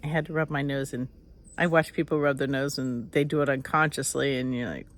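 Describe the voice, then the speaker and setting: A woman's voice: very deep voice, steady tone, fairly quick. An older woman, an author, with a nasal voice, chatting casually on a live stream, rambling and greeting viewers by name.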